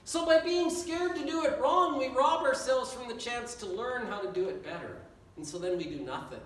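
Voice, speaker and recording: A man preaches with an unusually high voice, pressing his points through earnest repetition. He is heard from some distance in a church sanctuary, and the room's reverb hangs on every phrase. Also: expressive, normal speed, a bit bright. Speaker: pastor. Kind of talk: sermon. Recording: echoey church hall from far off.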